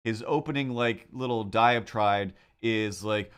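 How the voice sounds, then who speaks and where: A man's voice: medium pitch, normal speed, a bit bright. A man hosting a drawing livestream, chatting casually in a rambling, sarcastic way with frequent restarts. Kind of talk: casual chat.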